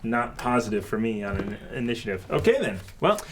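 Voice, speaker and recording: A man runs a tabletop game as dungeon master, setting scenes and explaining the rules. His voice sits at an ordinary pitch. A faint hiss of noise lies under it. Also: very animated, a little fast. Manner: describes scenes, laughs often.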